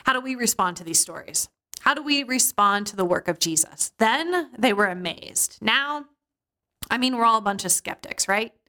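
Woman preacher, scripture reading and expressive storytelling. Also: a little high, normal speed.

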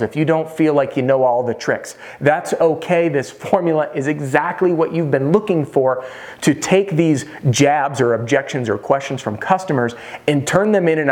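Speaking straight to the viewer, a man with a fairly high, slightly mellow voice coaches roofing salespeople. His instructional talk to camera is casual, direct and conversational, and he addresses the audience as "you."

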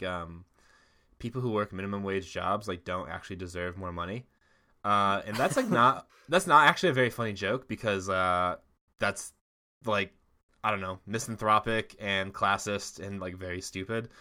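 Bright-voiced man rambling through a story. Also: lowish voice, moderate pace. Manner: rambling storytelling with frequent fillers and laughs. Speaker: podcast co-host. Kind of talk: casual chat.

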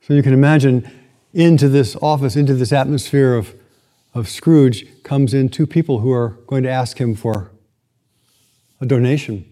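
A man giving a sermon, retelling a classic story with reflective, slow dramatic pauses. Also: medium pitch, dark tone.

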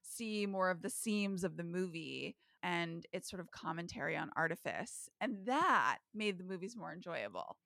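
A woman co-hosts a film podcast, wry and articulate. Her voice sits low with a gravelly fry, recorded close and dry. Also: expressive, normal speed, few pauses, a bit bright, dry recording. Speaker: podcast co-host. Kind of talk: casual film podcast chat.

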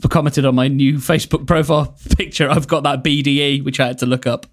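A man's voice: medium pitch, little pitch movement, quick pace. A man co-hosting a comedy podcast, talking playfully and breaking into silly voices. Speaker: podcast co-host. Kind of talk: casual comedic chat.

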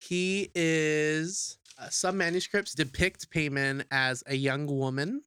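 A young adult podcast co-host recapping a horror movie in casual, profane, jokey talk, acting out the characters in quick asides. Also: medium pitch, clear, resonant tone, no echo. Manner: animated, profane, jokey storytelling.

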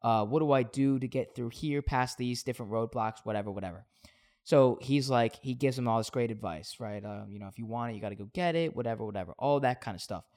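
A man co-hosting a sports podcast, telling a story in an animated casual way with frequent swearing. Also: medium pitch, fast talker. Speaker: podcast co-host.

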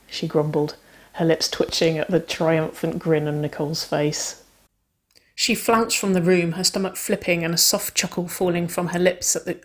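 A woman narrating a romance story aloud, giving the characters' lines light acted shifts. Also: sits low. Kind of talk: audiobook-style fiction reading.

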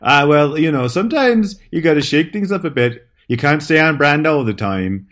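A man's voice: on the high side, expressive, normal speed, fairly bright tone. Stammering jokey man co-host. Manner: rambling, stammering restarts, jokey. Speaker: podcast co-host. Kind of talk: casual comedic chat.

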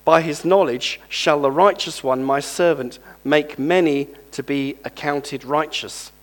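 A male preacher giving a sermon, reading scripture aloud and lively calling on the congregation to respond. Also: on the high side, measured pace.

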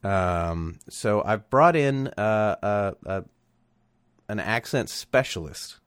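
A man's voice: on the low side, animated, slow, smooth, dry recording, clean studio sound. A man co-hosting a podcast in casual comedic chat, wry and joking, swearing freely. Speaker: podcast co-host.

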